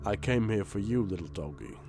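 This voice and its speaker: A man voicing a grim, menacing adult man in a video game, reading the threats slowly. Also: lowish voice, expressive, over music, pitched below the performer's own voice. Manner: slow, threatening. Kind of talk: reading game dialogue aloud in voices.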